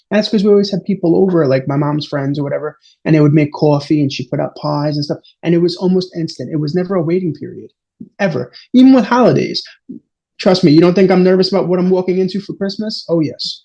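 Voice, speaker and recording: A man being interviewed, telling family stories in an animated, exasperated way with frequent restarts. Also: sits high, a little fast. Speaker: interview guest. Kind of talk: casual storytelling interview. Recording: dull lo-fi audio.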